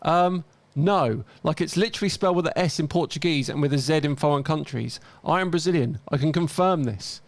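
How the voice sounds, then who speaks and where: A man whose voice sits a little high reads posts aloud as a host, talking fast with few pauses and no room sound. His casual commentary is dry and wry, and he mocks the errors with a chuckle.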